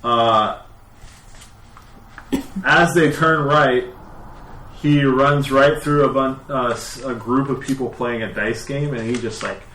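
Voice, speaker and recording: A man's voice: medium pitch, slow, long pauses. A man narrating as dungeon master in a tabletop game, talking loosely with many fillers. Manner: relaxed, hesitant, many fillers. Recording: echoey room, faint noise.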